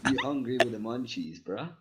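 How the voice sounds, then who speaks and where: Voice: medium pitch, animated, moderate pace, heavy background noise, pitched above the performer's own voice, natural voice. A man voicing a joking hospital nurse, teasing in slang.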